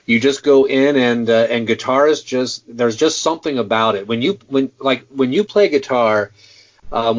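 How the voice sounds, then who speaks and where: A man in his forties hosts a casual interview, chatty and often stammering as he gets his thoughts out. His voice sits in a middle range, and the recording is slightly dull and lo-fi. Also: mid-range voice. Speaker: host. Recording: dull lo-fi sound.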